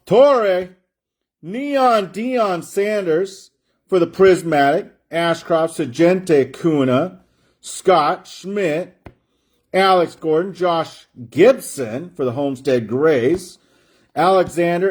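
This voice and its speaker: A man's voice: fairly high pitch, slow pace, slightly rough. A man hosting a sports card break stream, chatting and joking while calling out player names. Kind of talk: livestream card-break banter.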